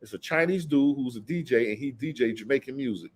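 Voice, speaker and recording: A man leading an informal scripture study speaks with a mid-range, everyday voice. He chats in a loose, offhand way and reads verses slowly and with weight. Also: mid-range voice, slightly rough. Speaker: Bible teacher. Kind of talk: casual scripture study talk.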